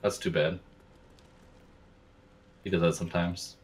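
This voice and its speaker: A young man with a Southern American accent and a deep, soothing voice, chatting calmly with friends while gaming. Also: slight background noise. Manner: calm, slow drawl. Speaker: streamer. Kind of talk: casual gameplay chat with friends.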